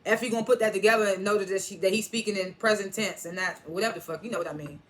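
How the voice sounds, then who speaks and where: Man, high-pitched, casual TV episode review, rambling recap, swears freely. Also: racing. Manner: rambling, animated retelling with frequent laughter and profanity.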